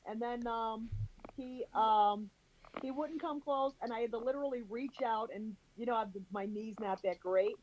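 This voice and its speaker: A woman on a video call telling a lively story, acting out what people said and laughing as she goes. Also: on the high side, moderate pace, slight background noise, rough recording. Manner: animated, acts out quoted voices, laughs while telling. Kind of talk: casual storytelling.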